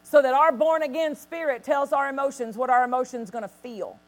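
A woman pastor preaching a sermon, telling stories with lively quoted voices and bursts of acted laughter. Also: high voice, brisk.

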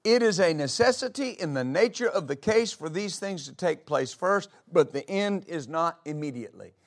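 High-voiced preaching pastor. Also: male voice, expressive, moderate pace. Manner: preaching with rhetorical questions, reading scripture aloud. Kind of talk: sermon. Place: church.

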